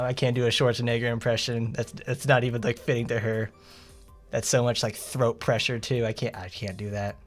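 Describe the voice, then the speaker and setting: A man casually streaming a game, reading its story aloud and chatting between lines in a relaxed, self-interrupting way. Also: medium pitch, normal speed, faint music behind.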